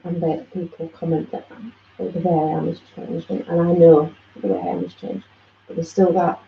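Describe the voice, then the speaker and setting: A woman's voice: fairly low pitch, level tone, normal speed, gravelly. A woman attending a satsang, hesitantly sharing her experience with the teacher. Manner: hesitant, searching for words. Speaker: satsang participant. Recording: roomy dull audio with faint noise.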